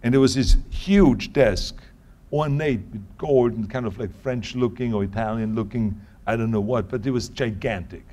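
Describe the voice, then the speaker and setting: A man with a German accent telling stories in an interview, talking quickly and often restarting his sentences. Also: medium pitch, mellow. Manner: tumbling words, frequent restarts. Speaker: interview guest. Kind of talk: anecdotal interview answers.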